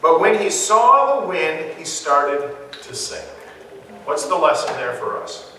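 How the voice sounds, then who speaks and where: Bright-voiced man teaching in an echoey hall. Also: a little high, sing-song, slow, recorded from a distance, a little hiss or hum. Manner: conversational, quizzing his listeners and laughing along. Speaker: Bible study teacher. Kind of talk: interactive Bible study teaching. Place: church hall.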